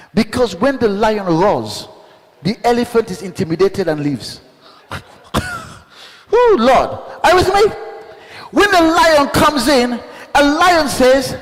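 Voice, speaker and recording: A man preaching a fiery sermon as a bishop, calling out questions to the congregation and bursting into shouts. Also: extremely high pitch. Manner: call-and-response, shouting bursts, rhetorical questions. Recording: long hall reverb.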